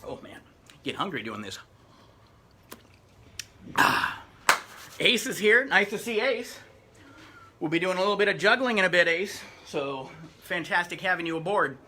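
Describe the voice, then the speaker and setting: A man's voice: high voice, sing-song, measured pace, long pauses, bright, forceful tone, a little hiss or hum. A middle-aged man, a rapper chatting upbeat between songs during a live-streamed performance. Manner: chatty, upbeat stage patter.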